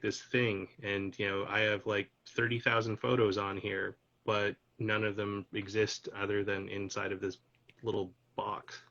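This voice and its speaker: A man's voice: lowish voice, vocal fry, pushed and bright. A man from Canada hosting a casual conversation, telling stories in a chatty way full of "like". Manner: chatty, storytelling, many "like"s. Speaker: host. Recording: dull lo-fi audio.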